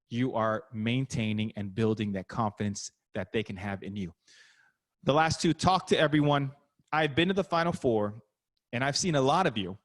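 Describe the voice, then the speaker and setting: An energetic middle-aged man talks over a video call, swinging his voice up and down all the time. He is a basketball coach giving a punchy motivational talk about networking. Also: medium pitch.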